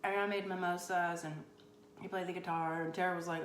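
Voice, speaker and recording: A woman's voice: fairly low pitch, flat delivery, a little fast, echoey room, a little hiss or hum. A woman hosting a comedic cooking show on a live stream, rambling through a mock-boastful, tongue-in-cheek story.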